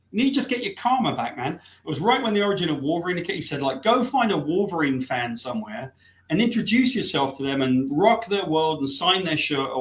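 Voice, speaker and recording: A man tells a lively anecdote, poking fun at himself and laughing along. His voice sits fairly high. The room around him is echoey, with a faint hiss behind. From Britain. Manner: laughing, self-deprecating storyteller. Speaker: guest comic book writer. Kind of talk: animated anecdote telling.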